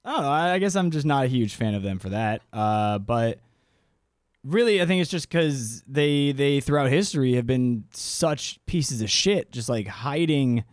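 A man's voice: mid-range voice, animated, normal speed, no echo, studio quality. Rambling, profane man on a podcast. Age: 30s. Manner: loose, profane, rambling with restarts. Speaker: podcast co-host. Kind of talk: casual podcast chat.

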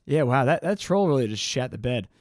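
A man's voice: mid-range voice, animated, a little fast, no echo, studio quality. A man co-hosting a podcast, reading a fairy tale aloud in a casual, swearing, joking way. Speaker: podcast co-host. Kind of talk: casual storytelling chat.

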